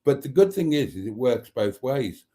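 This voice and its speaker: Middle-aged British male host, rambling live-stream chat, dark mellow tone, dry humour. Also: mid-range voice, big pitch swings, moderate pace. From Britain. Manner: chatty and rambling, with dry jokes and mock outrage. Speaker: livestream host reading viewer comments.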